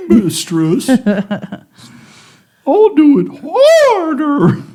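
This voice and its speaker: A squeaky, groveling submissive pleads in a voice pitched far above a normal speaking voice, as a man puts him on. He stretches every word out slowly and begs to serve. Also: huge pitch swings, mellow, exaggerated voice.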